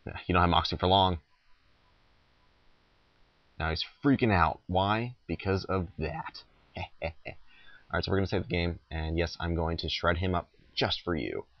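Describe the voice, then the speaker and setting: A man's voice: low voice, a little slow, pauses often, no room sound, highs cut off. A young man casually commenting as he plays a computer game, rambling and joking as he goes. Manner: rambling, self-interrupting, joking. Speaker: let's play host.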